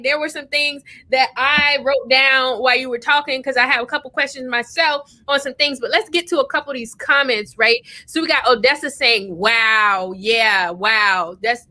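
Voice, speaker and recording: A middle-aged woman hosting a livestream, reading out viewer comments, excitable and effusive, laughing often. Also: high-pitched. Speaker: host.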